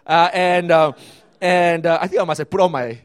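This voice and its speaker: A man with a Malaysian English accent, a pastor telling stories in a sermon, chatty and animated with many fillers and restarts. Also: on the high side, normal speed. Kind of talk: sermon storytelling.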